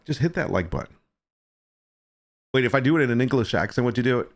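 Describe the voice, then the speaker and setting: A man's voice: mid-range voice, animated, quick pace, pauses often. A man hosting a casual livestream chat, joking with and teasing viewers and greeting them by name. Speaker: livestream host.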